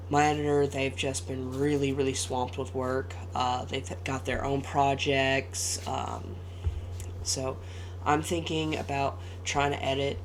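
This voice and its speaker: A woman's voice: extremely low pitch, a little hiss or hum. A woman hosting a game let's play, talking casually with frequent hesitations and fillers. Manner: hesitant with many fillers in the quiet intro, upbeat greeting after. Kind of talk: gameplay commentary. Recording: loud game music behind.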